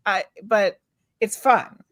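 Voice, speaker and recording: A woman from the United States co-hosting a casual podcast, reacting in a lively, chatty way. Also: medium pitch, slow pace, dry recording. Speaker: podcast co-host. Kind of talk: casual chat.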